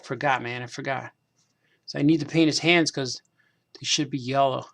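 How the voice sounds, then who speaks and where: Gravelly, bright-voiced man rambling casually. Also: mid-range voice, fairly even intonation, moderate pace. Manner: meandering, self-deprecating, repeats himself. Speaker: cartoonist hosting a craft stream. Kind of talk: casual rambling monologue while painting figures.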